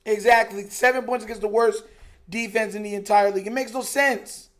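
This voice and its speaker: A man's voice: high-pitched, steady tone, a little fast, a bit bright. A young man hosting a live stream, reacting to a football game in casual, frustrated, emphatic chat. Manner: frustrated, emphatic, repeats himself, says "bro" a lot.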